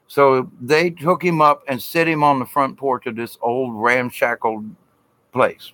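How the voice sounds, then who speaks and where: A man's voice: medium pitch, fairly even intonation, bright, forceful tone. A man with a Southern US accent telling a ghost story in a casual, rambling way, repeating "he said" and stretching out words for effect. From Southern United States. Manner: rambling, repeats "he said", drawn-out dramatic pauses.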